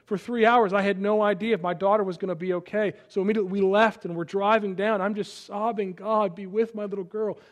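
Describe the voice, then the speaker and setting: A man in his thirties preaching a sermon, dropping to a hushed voice in personal stories and rising to loud peaks. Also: high voice, steady tone, quick pace, few pauses. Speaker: pastor.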